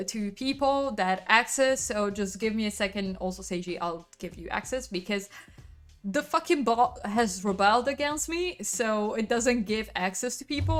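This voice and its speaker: A woman with an Italian accent, a native Italian speaker, chatting casually with her stream viewers, laughing often and swearing freely. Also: a little high. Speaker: livestreamer.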